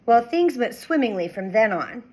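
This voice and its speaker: A woman reading a children's chapter book aloud with expressive storytelling. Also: on the high side, normal speed, low-quality recording. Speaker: reader.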